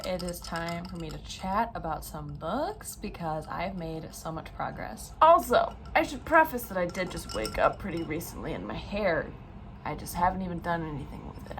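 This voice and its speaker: A young adult woman vlogging in a bubbly, gushing way, full of "like" and "oh my gosh". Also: lowish voice. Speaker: book vlogger. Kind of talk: casual vlog chat.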